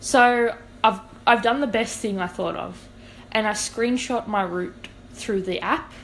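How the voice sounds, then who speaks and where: A woman's voice: mid-range voice, measured pace, slight background noise, low-quality recording. A young woman, a podcast co-host telling a long story in casual chat and acting out what people said. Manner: animated, acts out quoted dialogue.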